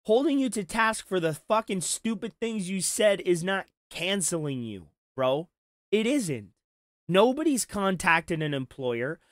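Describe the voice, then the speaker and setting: High-pitched guy ranting, swearing a lot, sarcastic, dead dry sound. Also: very animated, measured pace, dry recording. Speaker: commentary streamer. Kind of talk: heated reaction commentary.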